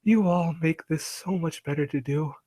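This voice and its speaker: A man putting on a soft, sugary, adoring voice. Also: a little high, normal speed, no room sound, pitched above the performer's own voice, close to an everyday voice.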